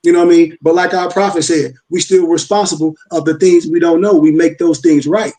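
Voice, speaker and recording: A man's voice: on the high side, steady tone, a little fast, warm tone, low-quality recording. An older man, hosting a casual live-stream discussion, emphatic and preachy, firing rhetorical questions and repeating himself. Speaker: host. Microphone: video call.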